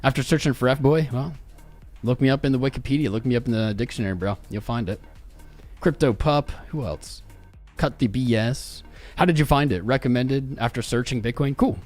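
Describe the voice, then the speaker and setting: A man's voice: medium pitch, fairly quick, darkish tone, soft background music. A male livestream host in casual chat, bantering and greeting viewers one by one by name. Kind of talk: casual live-stream chat.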